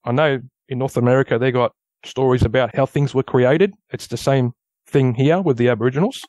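An Australian man telling a story as a podcast guest, animated, acting out sounds and dialogue. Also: medium pitch, brisk, dry recording, clean studio sound. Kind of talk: casual storytelling.

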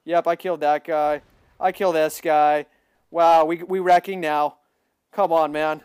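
Excitable high-voiced male game streamer. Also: unhurried, clear, resonant tone, dry recording, studio quality. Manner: excitable, bursts into loud yelling; boastful, repeats phrases. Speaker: gaming livestreamer. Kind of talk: live gameplay commentary.

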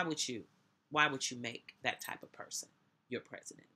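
A middle-aged woman minister delivers an impassioned preaching commentary. Her bright, forceful voice presses listeners with pointed rhetorical questions. She talks like a host addressing her own audience. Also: very deep voice, moderate pace, slightly rough.

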